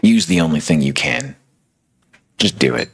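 A man voicing a sneering inner spirit that taunts and accuses in a low, hissing, relentless way. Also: very animated, normal speed, creaky, breathy edge, full character voice. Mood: accusing.

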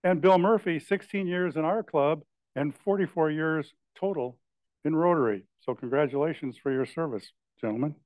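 A man runs through club announcements, loose and chatty, with a joke tossed in here and there. His voice sits a little high, and the sound is close and dry. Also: moderate pace, darkish tone, no echo. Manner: loose and chatty, with joking asides. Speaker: presiding member making club announcements. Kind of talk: meeting announcements. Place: club meeting room.

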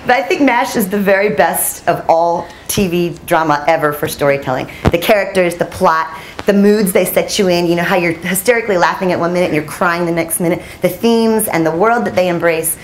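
A woman's voice: lowish voice, noisy background. Chatty woman telling newsroom stories. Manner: chatty, self-deprecating, laughs often. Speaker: journalist giving a talk. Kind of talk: storytelling conference talk. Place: audience room.

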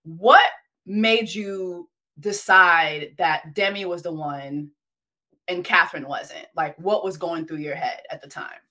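Host: American woman, bright voice, lively slangy chat. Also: lowish voice, slow pace. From United States. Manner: lively, chatty, laughs easily, slangy. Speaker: podcast host. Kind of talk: casual interview chat.

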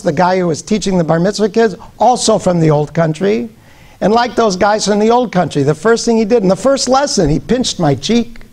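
A man's voice: high-pitched, darkish tone. An older man from Nebraska giving a humorous storytelling lecture, joking and quizzing his audience. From Omaha, Nebraska, USA. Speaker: guest speaker.

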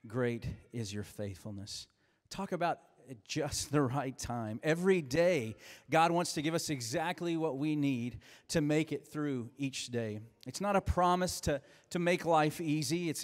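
Male pastor preaching, conversational, slightly high voice, big hall echo. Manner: warm conversational preaching, small restarts. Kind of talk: sermon. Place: church sanctuary.

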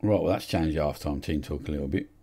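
Gravelly, excitable man commentating. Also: a bass voice, fairly quick. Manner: excitable, swears and shouts at his players. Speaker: gamer commentating a football management game. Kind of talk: casual live game commentary.

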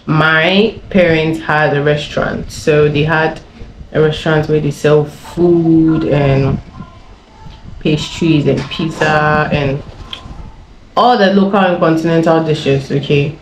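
A woman's voice: low voice, fairly even intonation, takes it slowly, background noise. Young woman from Ghana, chatty YouTuber storyteller, rambling, echoey room. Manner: chatty, laughing, rambling with many fillers. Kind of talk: casual story time. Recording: echoey room with faint ambience.

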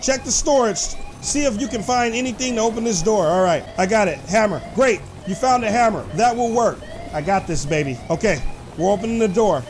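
A man hosting excited gameplay commentary, talking to his viewers and shouting when the action peaks. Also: sits high, brisk, slight background noise. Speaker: gaming host.

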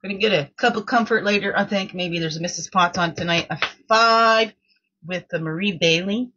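A woman's voice: mid-range voice, normal speed, highs cut off, a little hiss or hum. A woman hosting her own daily reflection show, reading quotes and chatting casually, often repeating words and asking "right?".

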